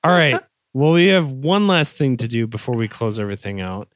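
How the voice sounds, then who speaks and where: A man hosting a casual podcast, reading out plugs and teasing his co-hosts in a relaxed, playful way. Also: medium pitch, fairly quick, no echo, clean studio sound. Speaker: podcast host.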